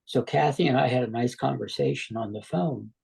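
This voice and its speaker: A middle-aged man tells a personal story in an easy, conversational way, quoting what others said as he goes. His voice is heavily gravelly and husky, with a dark, mellow tone. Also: medium pitch, fairly quick, rough recording. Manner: retells dialogue at length, quoting others. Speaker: guest.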